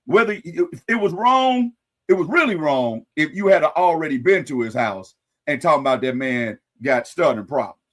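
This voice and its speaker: Animated man hosting a live stream. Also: on the high side, normal speed. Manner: animated, folksy sayings, wry asides to viewers. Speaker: host. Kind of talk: casual commentary on a live stream.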